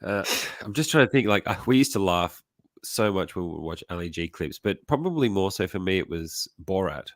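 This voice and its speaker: A man's voice: low voice, expressive, fairly quick, dry recording. A man hosting a casual live chat about comedy, sounding congested from a sinus illness, laid-back and laughing often. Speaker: host.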